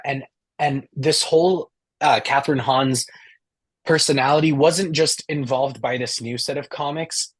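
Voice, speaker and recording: A man's voice: medium pitch, husky. A man co-hosting a casual fan podcast, talking enthusiastically with many fillers and restarts. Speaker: podcast co-host.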